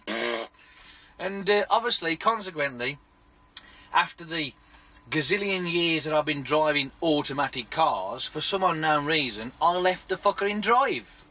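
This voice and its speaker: A man, telling a sweary, animated story in a casual vlog rant. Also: on the high side, unhurried. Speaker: vlogger.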